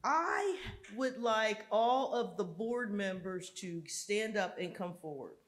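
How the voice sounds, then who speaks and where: A woman's voice: mid-range voice, animated, slow pace. A woman hosts an evening summit program, calling for applause and introducing the next guests. Her tone is upbeat, and she jokes easily with the crowd. She uses a plain, middle-range voice. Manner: upbeat, joking with the audience. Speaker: event emcee. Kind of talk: live event hosting.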